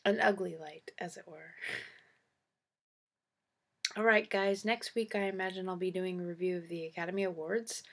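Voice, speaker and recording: A woman's voice: medium pitch, gravelly. A woman hosting her own show, casually and opinionatedly reviewing movies with sarcastic asides.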